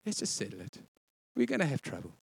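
A man preaching a conversational sermon, slipping into quick voiced asides. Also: medium pitch, wildly swooping pitch, creaky, husky, dry recording. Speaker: pastor.

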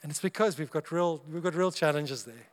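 A man with a notably high voice delivers a sermon to his congregation. He talks in a chatty, joking way and keeps acting out short exchanges between people. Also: fairly quick. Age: adult parent of young children. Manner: chatty and humorous, acts out little dialogues. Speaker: preacher.

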